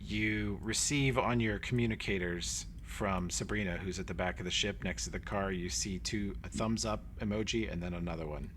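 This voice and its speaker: A man's voice: deep voice, normal speed, hardly any pauses, a bit bright, a little hiss or hum. A man running a tabletop game as game master, narrating scenes vividly and acting out sounds. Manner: vivid, acts out sounds and voices.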